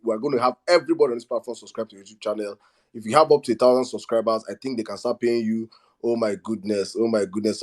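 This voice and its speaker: A Nigerian man with an accent, hosting a live audio room and selling hard for a guest. He keeps repeating himself and pleading with listeners, pushing them to buy more copies. His voice sits at an ordinary middle pitch. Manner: energetic, repetitive, pleading with listeners. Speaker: host of an online audio space. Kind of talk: excited live fundraising hype.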